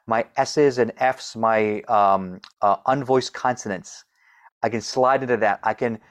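A middle-aged man with a stutter talks as an interview guest. He explains things eagerly and demonstrates sounds as he goes. His voice sits at a middling pitch. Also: unhurried. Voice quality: stutters, repeating opening sounds. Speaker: guest coach. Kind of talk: conversational interview.

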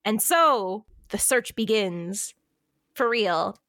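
A woman's voice: mid-range voice, lively intonation, slow pace, fairly bright tone, no room sound, studio quality. A young woman co-hosting a casual book review chat, informal and swearing freely, laughing often. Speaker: podcast co-host, book critic.

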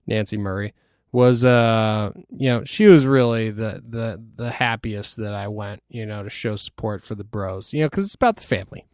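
Male podcast co-host, smooth clean tone, deadpan play-along, dry mic. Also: lowish voice, moderate pace, no echo. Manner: deadpan, plays along with mock seriousness. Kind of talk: casual comedic podcast chat.

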